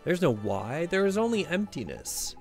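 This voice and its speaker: A man's voice: on the high side, sing-song, normal speed, vocal fry, faint music behind, voice pushed up. A man voicing a heartbroken, dramatic male spice merchant in a game, declaiming gloomily and theatrically. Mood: gloomy. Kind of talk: reading game dialogue aloud.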